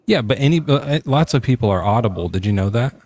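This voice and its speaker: A man's voice: mid-range voice, expressive, fast, darkish tone. A man calling in to a late-night debate, questioning a believer in a sarcastic, teasing way. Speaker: atheist caller. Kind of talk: mocking debate call.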